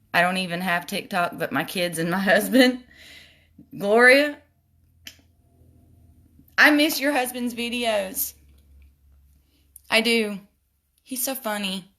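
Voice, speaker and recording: Her medium-pitched voice sounds pushed and bright as she runs a relaxed makeup tutorial livestream from home. The vlogger talks right to her audience, calling them "y'all," and keeps veering into laughing tangents.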